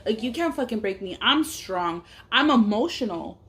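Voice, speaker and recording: An adult woman, a mother and mukbang vlogger, eats on camera while telling a personal story in a fairly high, somewhat bright voice with lively intonation and a moderate pace. She's blunt, emphatic and candidly emotional, swearing freely and opening up about her feelings, with a little hiss or hum in the recording.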